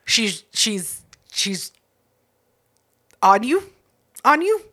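Lively bright woman reacting to a story. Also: on the high side, extremely slow, breathy edge. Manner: reactive, exclaims, swears, interjects. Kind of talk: casual chat, reacting to a story.

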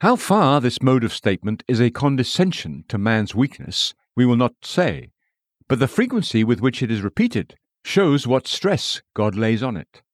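A man in scripted narration of a devotional book, reading in a measured way and voicing scripture citations aloud. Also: mid-range voice, sing-song, dry recording, studio quality. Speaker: audiobook reader.

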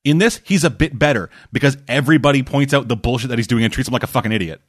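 A man's voice: medium pitch, racing, dry recording, studio quality. Rambling, swearing man in casual chat. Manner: rambling, profane, acts out quotes loudly. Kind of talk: casual chat reviewing movies and shows.

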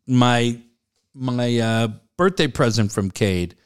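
A middle-aged man in a casual chat, telling stories with lots of swearing and loud quoted voices. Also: medium pitch, lively intonation, takes it slowly, clean tone. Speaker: storyteller in a chat.

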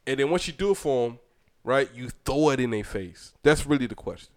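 A man's voice: mid-range voice, animated, fairly quick, dry recording, clean studio sound. A man co-hosting a podcast, talking loosely and laughing, often repeating words as he gets going. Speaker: podcast co-host. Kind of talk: casual chat.

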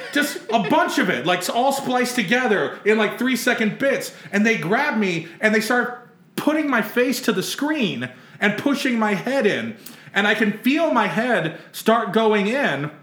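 A man's voice: very high voice, a bit bright, reverberant. A man telling a rambling, comic story in casual chat, laughing and swearing freely. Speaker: podcast co-host telling a story.

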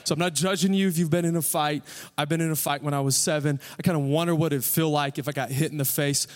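A man's voice: on the high side, fairly even intonation, fast. A young man who is a pastor, preaching a sermon in a joking, rambling way; he says he is tired. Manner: joking, rambling, self-deprecating. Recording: long hall reverb.

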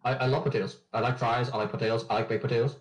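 A man being interviewed on a podcast, talking fast and rambling, quick to poke fun at himself. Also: medium pitch, fairly even intonation, poor audio. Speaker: podcast guest. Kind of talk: casual interview chat.

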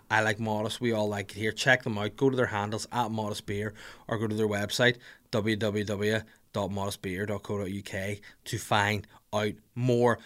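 A man in his thirties with a Northern Irish accent, hosting a podcast in a casual comedic rant and acting out little scenes. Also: lowish voice. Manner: animated, jokey, acts out little scenes with voices. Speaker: podcast host.

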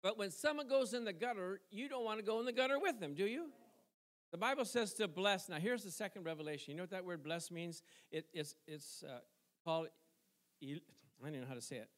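A middle-aged male pastor preaches conversationally in a high-pitched, fairly bright voice at a slightly quick pace. He tosses questions to the congregation, adds call-and-response asides, and chuckles between points.

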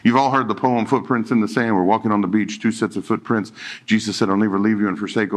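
A man's voice: lowish voice, fairly even intonation, fast talker. A middle-aged male pastor giving a conversational sermon, joking and acting out quoted dialogue.

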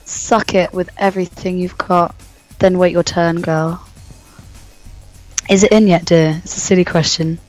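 A woman co-hosting a podcast in a hoarse, gruff voice that sounds posh, reading mock-erotic passages with crude, teasing humour. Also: lowish voice, steady tone, a little mellow, faint music behind, poor audio. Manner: crude, teasing, reads in slow deliberate tones. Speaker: podcast co-host.

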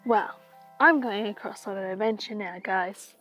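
A woman's voice: mid-range voice, moderate pace, faint music behind, natural voice. A woman voicing an adventurous little girl in a bedtime story. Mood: excited. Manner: excited, wide-eyed storybook voice.

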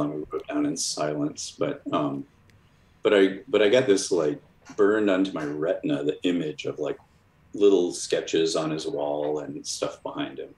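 Deep-voiced man telling rambling stories. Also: moderate pace. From Chicago, USA. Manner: rambling, many fillers and restarts, lively quoted voices. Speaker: cartoonist guest. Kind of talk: casual storytelling. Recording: roomy echo.

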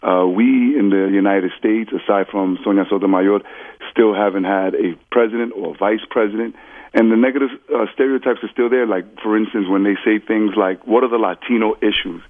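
A man from the Bronx calls in as a guest and speaks earnestly, stopping and restarting with many fillers. His voice sits low and comes through a thin, phone-like line. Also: steady tone, brisk. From the Bronx, New York. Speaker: guest, borough official. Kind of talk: live call-in interview. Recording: phone-line call-in audio.

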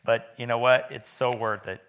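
A man's voice: medium pitch, steady tone, normal speed, fairly bright tone. A man preaching a sermon in a church, talking in a folksy, conversational way with stammering restarts.

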